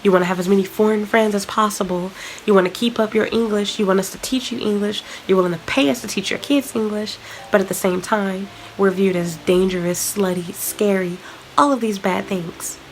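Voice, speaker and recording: A woman's voice: medium pitch, fairly even intonation, fairly quick, slight background noise, poor audio. A young woman venting frankly and with exasperation in a vlog to camera. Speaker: vlogger.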